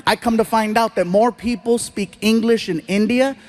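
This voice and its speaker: A man telling stand-up stories on stage in an animated way, acting out the people in them. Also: sits high, moderate pace. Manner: animated, jumps into voices for the people in his stories. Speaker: stand-up comedian. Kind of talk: stand-up storytelling. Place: large theater stage before a laughing audience.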